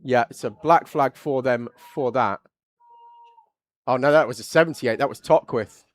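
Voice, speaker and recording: An English man commentates live on a kart race, chatty and easygoing between incidents. He breaks into loud reactions when something happens on track. His voice sits at a middle pitch and sounds dry and close to the mic. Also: moderate pace, no echo.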